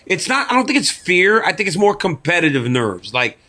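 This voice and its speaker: A man from Louisiana, a guest in an interview, telling animated stories and often laughing. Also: high voice, brisk. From Louisiana, USA. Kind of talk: casual chat, storytelling.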